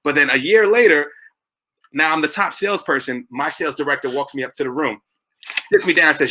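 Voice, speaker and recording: A man in his thirties from New York hosts a casual podcast chat, acting out what people said as he tells a story. His voice is bright and sits a little high, and he talks very fast. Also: low-quality recording. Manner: animated storyteller, quotes people with shifting voices. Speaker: podcast host.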